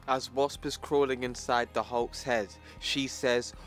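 A man's voice: mid-range voice, a little slow, hardly any pauses, fairly bright tone, faint music behind. A man casually narrating a comic book plot in a plain, chatty retelling.

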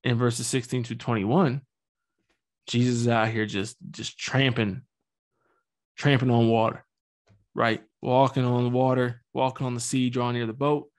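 Young male host, mid-pitched, slangy and jokey, casual Bible-study podcast talk. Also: little pitch movement, a little slow. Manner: slangy, joking, loose and chatty.

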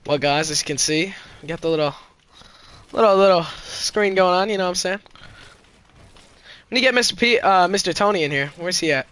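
A man streaming a game, chatting casually with his viewers and chat, excitable and swearing in bursts of exclamations. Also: high voice. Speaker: gaming streamer.

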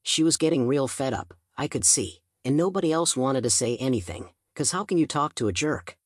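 A man narrating a first-person audiobook in a steady storytelling manner. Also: medium pitch, a little fast, no room sound, studio quality.

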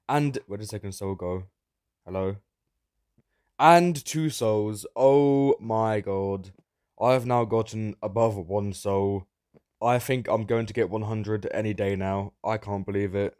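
A man with a fairly low voice commenting on a game as he plays, excitable and sarcastic, prone to sudden yelps. The sound is dry and close, with no room around it. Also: no echo. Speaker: Minecraft YouTuber. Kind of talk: gameplay commentary.

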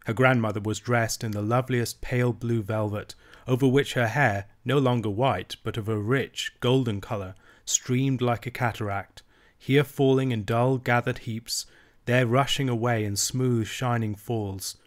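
A man reading a classic children's novel aloud in a measured, even narrating voice. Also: mid-range voice. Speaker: audiobook reader.

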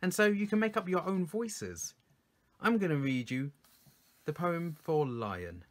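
Lively man reading poems for kids. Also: a little high. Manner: lively, encouraging, explains slowly. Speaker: poet reading to children. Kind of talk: reading poems aloud for children.

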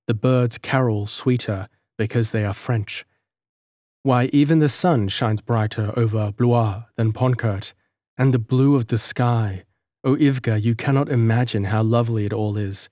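Man reading earnest young storybook traveller, calm, gentle, sincere, dry studio sound. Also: mid-range voice, a little slow, no echo, lightly acted. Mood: fond. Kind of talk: audiobook character reading.

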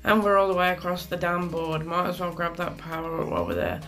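A woman's voice: on the low side, animated, fast, fairly bright tone, faint music behind. A woman giving chatty, exasperated commentary over a game she is playing, with plenty of mild swearing. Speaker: gaming commentator. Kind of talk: live gameplay commentary.

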